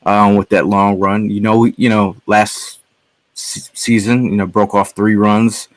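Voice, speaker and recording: Low-voiced man telling rambling stories. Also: little pitch movement, no room sound. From Connecticut. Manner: rambling, halting storyteller with many restarts. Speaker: podcast guest. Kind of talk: casual podcast chat.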